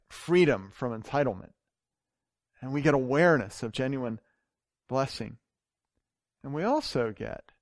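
A man's voice: fairly high pitch, dry recording, clean studio sound. Earnest male pastor preaching. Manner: earnest, swells loud then drops soft. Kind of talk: sermon with closing prayer.

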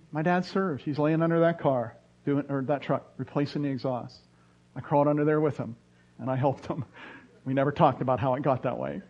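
A middle-aged pastor, his voice a little mellow and somewhat higher than most men's, preaches a sermon full of stories punctuated by punchy, rising bursts of emphasis. The recording is dull and lo-fi.

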